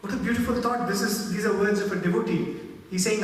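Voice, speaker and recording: A man giving a devotional talk, telling stories in an animated, reverent way, recorded in a large hall from far off. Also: high-pitched, fast talker. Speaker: spiritual speaker. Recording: echoey hall heard from far off.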